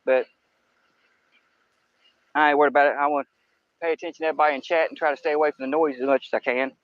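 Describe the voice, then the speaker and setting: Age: adult. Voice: man, fairly high, folksy. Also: fairly even intonation, fast talker, no echo, lo-fi sound. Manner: rambling, folksy, talks to viewers as y'all. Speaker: fishing livestream host. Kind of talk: casual live-stream chat. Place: outdoors on a riverbank by woods at night. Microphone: camera-mounted microphone near water.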